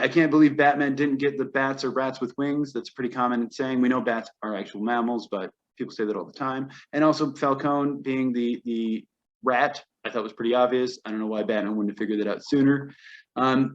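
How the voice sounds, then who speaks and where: A man's voice: mid-range voice, lo-fi sound. A man co-hosting a podcast, giving an opinionated, wryly complaining casual film review. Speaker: podcast co-host.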